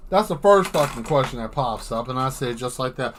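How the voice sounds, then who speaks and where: While drawing on a livestream, an artist chats casually and rambles into exaggerated comic rants, swearing freely. His medium-pitched voice is animated, a bit bright, and fairly quick, with few pauses.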